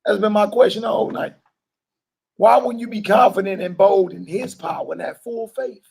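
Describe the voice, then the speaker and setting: A man preaching an informal sermon to a live group, talking colloquially and loudly stressing his points. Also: high-pitched, moderate pace, gravelly, breathy edge. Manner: loud emphatic bursts, colloquial, laughs often.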